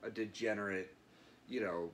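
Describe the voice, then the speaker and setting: A man in his thirties with a low voice speaks with earnest candor, reflecting slowly and leaning on fillers. A faint hiss of noise sits under the recording. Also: fairly even intonation, fairly bright tone. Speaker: guest. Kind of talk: candid interview.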